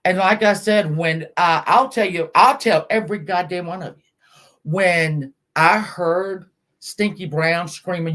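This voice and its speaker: A woman ranting angrily on a live stream from her car, scolding and swearing, with bursts of shouting. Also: on the low side, measured pace. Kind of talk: angry live-stream rant.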